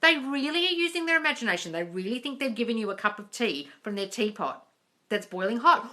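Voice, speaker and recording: With a brisk, pushed and bright voice on the high side and lively intonation, a woman coaches on manifesting during a live Q&A. She talks directly, calls people "darling" and "guys," and is recorded on a phone livestream.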